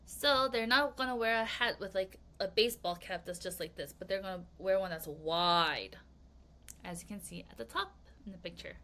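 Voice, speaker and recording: A woman teaching an English vocabulary lesson to children, reading aloud with bouncy, expressive emphasis. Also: mid-range voice, normal speed.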